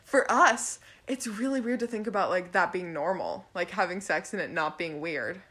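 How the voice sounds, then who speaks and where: A woman's voice: on the low side, animated, moderate pace, a bit bright. A young woman guesting on a podcast, chatting casually, giggling and saying "like" a lot. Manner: giggly, lots of "like". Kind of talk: casual chat.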